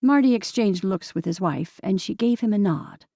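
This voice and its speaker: A woman narrates an audiobook calmly and steadily. Her voice is gravelly and mellow, with a dry, close sound. She keeps an even, middle pitch throughout. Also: normal speed, dry recording. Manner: calm, steady storytelling. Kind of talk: scripted narration.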